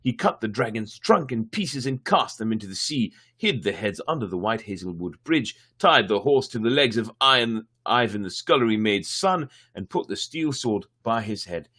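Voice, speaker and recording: A man's voice: fairly low pitch, expressive, normal speed, hardly any pauses, fairly bright tone, husky. A man reading a fairy tale aloud on a livestream, breaking in with wry, irreverent asides. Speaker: storyteller.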